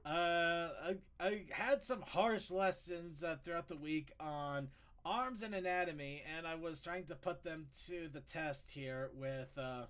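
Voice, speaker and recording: A man's voice: fairly high pitch, unhurried, fairly bright tone, smooth. A man hosting a casual online panel show, rambling through segments, laughing often and restarting his words. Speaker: podcast host.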